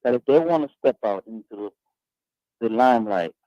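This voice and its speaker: A radio talk show host argues his points on a panel in an emphatic, preachy manner. His medium-pitched voice is warm and expressive, moving at a moderate pace, with no room sound and a dull, lo-fi radio quality.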